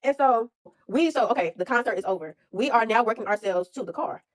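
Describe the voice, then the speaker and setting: A young woman telling a story in a blunt, profane, animated way, in casual chat. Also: fairly high pitch, brisk, no room sound. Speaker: storyteller host.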